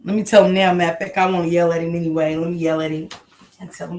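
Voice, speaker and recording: A woman's voice: on the low side, flat delivery, fast, darkish tone. A woman hosting a casual livestream, greeting viewers by name and rambling loosely between comments. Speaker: livestream host.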